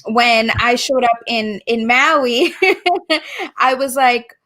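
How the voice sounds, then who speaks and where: A woman co-hosting a podcast speaks very slowly in a voice on the high side. Her casual chat is warm, heartfelt and gushing, and she laughs easily and often.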